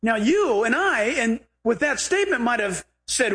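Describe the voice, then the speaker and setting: Male pastor preaching, high voice, really animated, jokes around. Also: normal speed, hardly any pauses, slightly rough. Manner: animated, humorous storytelling with acted quotes. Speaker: pastor and Bible teacher. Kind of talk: sermon.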